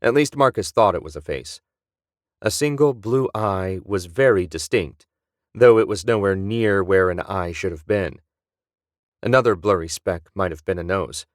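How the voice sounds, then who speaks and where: A man narrating an audiobook in a steady, even storytelling manner. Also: low voice, no room sound, clean studio sound. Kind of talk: scripted narration.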